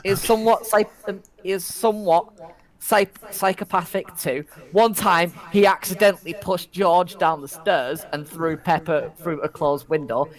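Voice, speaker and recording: A man's voice: high-pitched, fairly even intonation, normal speed, low-quality recording. Giggly man reading aloud. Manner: giggly, hesitant with many ums, cracks himself up. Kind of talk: casual comedy chat, reading aloud.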